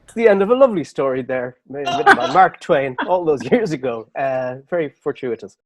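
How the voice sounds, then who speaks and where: A man's voice: on the high side, animated, normal speed, a bit bright, no room sound. A man hosting an online improv show, introducing games in a breezy mock-formal way over a video call.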